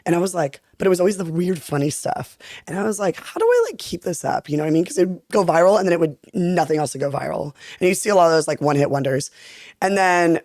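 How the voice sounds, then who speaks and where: A young adult woman on a podcast spills out an animated story at a brisk clip, packed with filler words. Her voice sits close and dry, with no room sound around it. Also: fairly low pitch, no room sound. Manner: animated, rapid talker full of fillers. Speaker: podcast guest, content creator. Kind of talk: casual storytelling chat.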